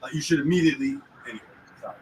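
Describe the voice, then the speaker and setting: A man with a medium-pitched voice speaks in rapid-fire fashion while hosting an easygoing talk on the weekly Torah portion. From inside a moving car, caught on a distant mic with faint road noise, he uses street slang and keeps confirming the listener is with him.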